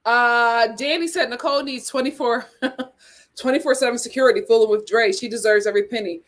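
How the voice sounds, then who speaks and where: A woman's voice: on the high side, fairly quick. Chatty woman hosting a live stream. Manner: chatty, emphatic, repeats phrases, reads viewer comments aloud. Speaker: host of a reality TV chat stream. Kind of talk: casual live-stream chat.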